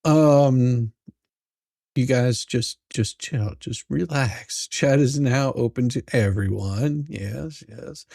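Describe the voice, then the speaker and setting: A man's voice: mid-range voice, slow, creaky, mellow, dry recording, studio quality. A middle-aged man hosting a live stream, casually greeting chatters by name and chuckling often. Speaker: livestream host.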